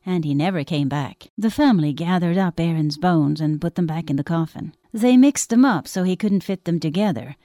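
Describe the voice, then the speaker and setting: A woman telling a spooky folktale aloud in an expressive storytelling voice. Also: on the low side, moderate pace, hardly any pauses, dry recording, studio quality. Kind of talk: told folktale.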